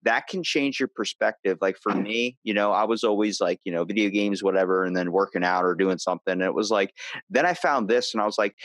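Low-voiced man rambling through a story. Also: a little fast, fairly bright tone, dry recording. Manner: rambling storyteller, restarts and retells plots. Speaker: podcast host. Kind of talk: casual chat.

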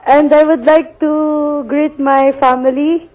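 Filipino teen girl caller, high pitch, far-off line, shy. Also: fairly even intonation, measured pace, a little mellow. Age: teenager.

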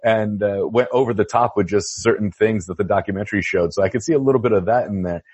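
A male interviewer with a husky, fairly low voice. He asks casual questions and hesitates a little as he builds them, with the odd um and uh. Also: fast, a little mellow.

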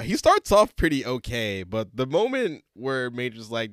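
A man's voice: medium pitch, sing-song, slow, a bit bright, no room sound, clean studio sound. A man hosting a casual podcast chat, laughing often as he retells scenes. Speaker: podcast host.

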